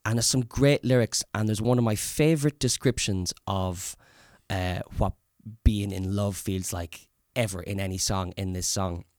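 A man's voice: on the low side, moderate pace, hardly any pauses, darkish tone, dry recording, studio quality. A man co-hosting a podcast, chatting casually and rambling with plenty of hesitations. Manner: rambling, hesitant with many ums. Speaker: podcast co-host. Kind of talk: casual chat.

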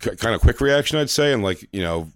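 Man, low voice, dry close mic, casual rambling storytelling, lots of fillers. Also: expressive, fast, fairly bright tone, no echo. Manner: rambling, filler-heavy, acts out quoted lines. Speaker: podcast co-host.

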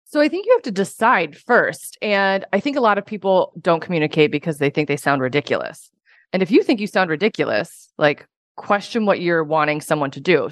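Low-voiced woman coach, dry sound. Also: dry recording. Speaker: coach and podcast guest. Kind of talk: casual conversational interview.

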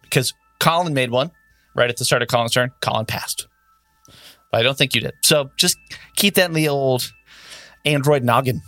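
A man acting as game master, chatting casually with players and narrating the scene slowly and dramatically. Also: medium pitch, bright, forceful tone, no echo, faint music behind. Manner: slow, deliberate dramatic narration.

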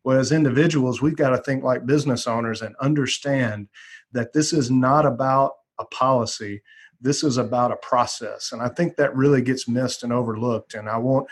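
A man's voice: medium pitch, breathy edge. A man on a podcast as a guest, talking emphatically and in a preachy way. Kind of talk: casual podcast chat.

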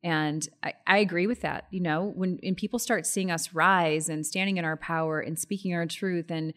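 A woman's voice: lowish voice, steady tone, normal speed, a bit bright. A woman hosting an interview, affirming and encouraging her guest as she listens. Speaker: podcast host. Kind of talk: interview chat.

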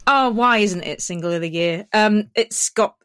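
A woman's voice: mid-range voice, fairly bright tone, clear, resonant tone, no room sound. A female podcast co-host talking about music with playful enthusiasm. Her voice sounds close and dry, with no room around it. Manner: enthusiastic and playful, quick to laugh. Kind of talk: casual chat about music.

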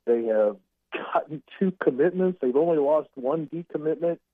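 A man's voice: a little high, normal speed, no room sound. Man talking over a tinny phone line. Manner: rambling, animated storyteller. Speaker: recruiting analyst guest. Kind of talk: casual podcast chat by phone. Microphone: phone call.

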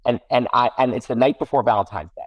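A man's voice: mid-range voice, fast, no room sound, highs cut off. A middle-aged man, a guest parent, telling a casual story with many restarts and self-corrections. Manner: rambling, self-correcting, animated.

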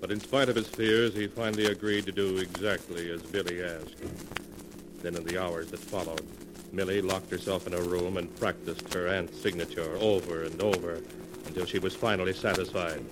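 A man narrating a 1940s radio drama in a solemn, measured, ominous tone. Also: deep voice, fairly even intonation. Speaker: announcer and narrator. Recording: noisy old radio transcription.

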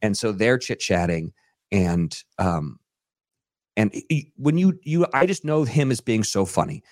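A man guesting on a podcast, telling a long anecdote in a loose, animated way with plenty of fillers and acted-out quotes. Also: lowish voice, a little slow, no echo, studio quality. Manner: animated storyteller who acts out quotes, many fillers. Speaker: podcast guest, radio DJ and TV personality. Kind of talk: casual anecdotal storytelling. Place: podcast studio.

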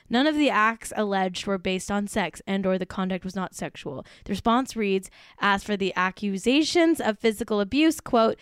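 A woman's voice: mid-range voice, clean tone, no echo, clean studio sound. A woman hosting a casual pop-culture show, ranting and swearing with lots of fillers. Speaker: podcast host.

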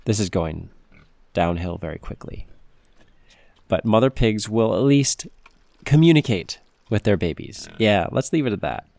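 A man's voice: lowish voice, lively intonation, unhurried, gravelly, pauses often, a little mellow, no room sound. A man hosting a playful animal-facts podcast for kids, chatty and goofy, full of puns and silly asides. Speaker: podcast host.

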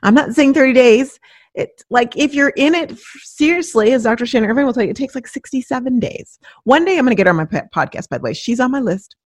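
A middle-aged woman hosts a podcast as a coach, delivering a lively, fast motivational monologue in a high voice. She's animated and acts out the inner voices and quotes she mentions. The recording is dry.

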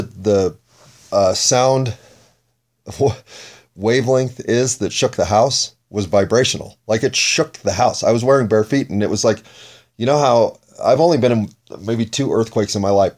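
A man talking alone into a home mic in a meandering monologue. His voice sits a little low, and he wanders off track, corrects himself and laughs at his own slips. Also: a little mellow. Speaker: solo podcaster. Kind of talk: rambling personal monologue.

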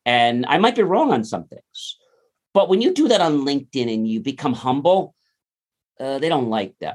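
Male guest, lively storyteller, pitch swings wide, mid-range voice. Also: normal speed. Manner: animated, acts out quoted dialogue. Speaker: podcast guest. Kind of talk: conversational interview storytelling.

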